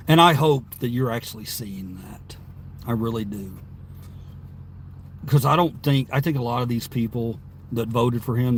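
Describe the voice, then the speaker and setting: A man's voice: medium pitch, a little hiss or hum. A man live streaming from inside his car, reading viewer chat aloud and answering it in a rambling, chatty way with frequent laughs.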